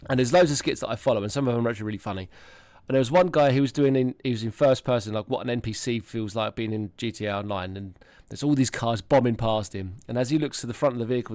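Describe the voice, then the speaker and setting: A man's voice: medium pitch, fast talker, few pauses, darkish tone, no echo. A man in his thirties, telling rambling, sweary stories in a casual podcast chat over an online call. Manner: rambling, sweary storytelling with frequent laughs. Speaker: podcast host.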